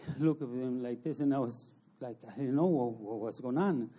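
A man giving an emotional personal testimony as an interview guest, in halting, earnest non-native English. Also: mid-range voice, mellow. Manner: emotional storytelling.

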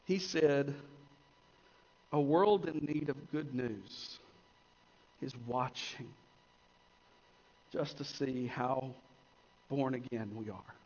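Emphatic preacher in a reverberant church. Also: male voice, mid-range voice, drawn-out words, long pauses, darkish tone. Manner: preaching with emphatic rises and drops to near-whisper. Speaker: pastor. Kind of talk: sermon. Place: church sanctuary. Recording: long church reverb, dull lo-fi sound.

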